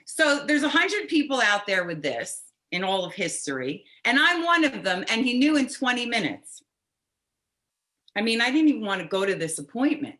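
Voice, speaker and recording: Bright, lively middle-aged woman telling her story. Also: fairly high pitch. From New Jersey. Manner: halting, with restarts, wry and animated. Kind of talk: personal storytelling.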